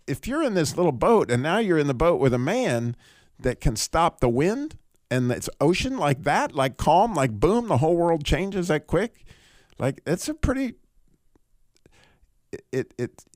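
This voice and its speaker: This radio call-in host teaches from a Bible passage with casual energy, often laughing and starting his sentences over. His voice sits a little high, and the studio-quality recording has no room sound.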